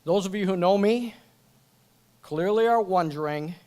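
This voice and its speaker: A man's voice: high voice, unhurried, a little mellow. A man giving a joking, chatty acceptance speech at a banquet event, talking into a microphone and going off script. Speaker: award recipient.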